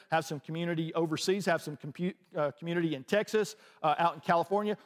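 A man's voice: fairly high pitch, in a large hall. A man preaching a sermon as a pastor, telling a personal story in a conversational way with frequent restarts.

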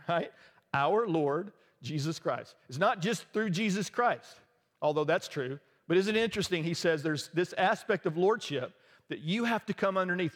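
A man preaching a sermon in a casual, joking, conversational way, with quick asides to the congregation. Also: high-pitched, big-room sound. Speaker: pastor.

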